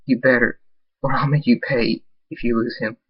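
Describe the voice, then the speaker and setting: A man's voice: mid-range voice, flat delivery, moderate pace, slightly rough, dry recording, muffled recording, close to an everyday voice. A man voicing a tough, fiery young female pegasus pony who speaks protectively and threateningly. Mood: fierce.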